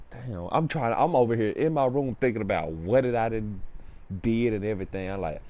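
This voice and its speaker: A man's voice: lowish voice, moderate pace, a little hiss or hum. A young man casually telling a personal story, acting out the voices of the people in it. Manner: animated storyteller, acts out quoted voices.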